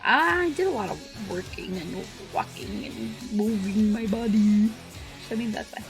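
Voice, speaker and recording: A young woman streaming while she draws, chatting casually, giggling often and reading chat out loud. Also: mid-range voice, animated, unhurried, soft background music.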